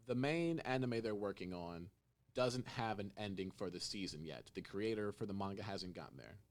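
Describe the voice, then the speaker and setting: A young man hosting a casual podcast, telling a story with lively acted-out quotes. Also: on the low side. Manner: animated storyteller, acts out quotes in raised voices. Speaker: podcast host. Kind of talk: casual chat.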